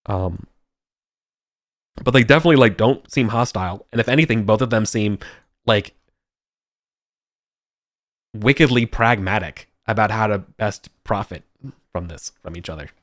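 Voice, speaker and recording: A man's voice: lowish voice, normal speed, pauses often, no echo, clean studio sound. A man narrating a tabletop game as game master, loose and rambling with many fillers.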